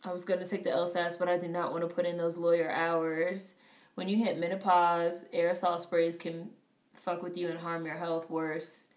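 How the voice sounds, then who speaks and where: A woman on a casual live stream who reads viewer comments aloud and reacts to a film in a blunt, profane, animated way. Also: lowish voice, moderate pace, recorded from a distance. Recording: roomy, off-mic sound.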